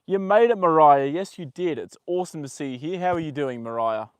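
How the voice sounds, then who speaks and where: A man's voice: a little high, a little fast, smooth, no echo. Give me a young man chatting casually on a livestream from a horse paddock, rambling, swearing lightly and talking to his horse between stories. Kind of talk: casual live chat.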